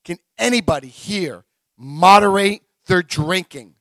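A man in his forties tells a story to a big audience, his voice slightly high for a man and leaping all over the place as he acts out each character. The sound is close and dry, with no room echo. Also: lively intonation, measured pace, fairly bright tone. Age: 40s. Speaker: speaker sharing recovery story. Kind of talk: live talk to an audience.

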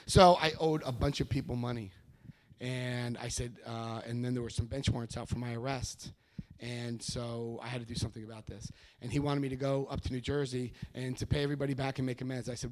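A man's voice: mid-range voice, steady tone, brisk. A middle-aged American man giving a rambling personal testimony to a meeting, often repeating himself and acting out quoted voices. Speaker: recovery meeting speaker.

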